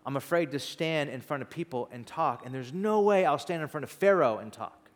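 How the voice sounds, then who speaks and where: A man's voice: on the high side, lively intonation, fairly quick, lightly acted. A man voicing Moses as a doubtful, pleading leader who stammers and runs himself down, heard with a long hall reverb. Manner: whiny, self-deprecating, stammering.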